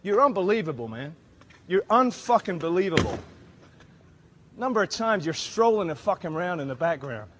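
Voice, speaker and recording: A man voicing a furious, ranting male director who swears and yells. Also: sits high, very animated, normal speed, noisy background.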